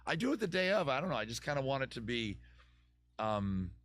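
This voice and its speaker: A comedy podcast host with a medium-pitched, slightly bright voice rambles through his advice show from his city home, very animated and a little fast. His voice is a bit worn from weekend shows as he digresses, mocks himself, and slips into a put-on Southern lawyer voice.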